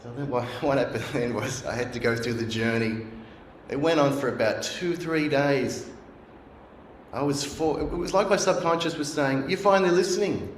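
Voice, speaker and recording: Speaking at a moderate pace in a medium pitch, this middle-aged man is a guest speaker telling a sermon through his own story. His manner is earnest, and he performs the voices of people he recalls. Faint hiss and a roomy echo come from the church hall around him.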